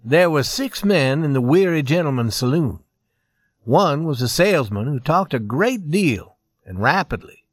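Male storybook narrator: measured, expressive, fairly high voice, dry close recording. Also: no echo.

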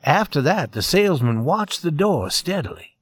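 A man reading a western story aloud in a measured, expressive narration. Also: a little high, breathy edge, dry recording.

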